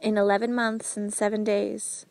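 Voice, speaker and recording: A woman's voice: mid-range voice, flat delivery, moderate pace, vocal fry, a little mellow, dry recording, close to an everyday voice. A woman voicing an outspoken, earnest male prisoner in an audiobook, blunt and pleading. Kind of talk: audiobook character reading.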